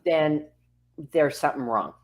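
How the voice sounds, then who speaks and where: A woman with a low, voice co-hosts a relaxed talk show. She chimes in often with short agreements and adds her own practical tips. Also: a little slow. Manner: supportive, frequent affirming interjections. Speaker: co-host. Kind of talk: casual talk show chat.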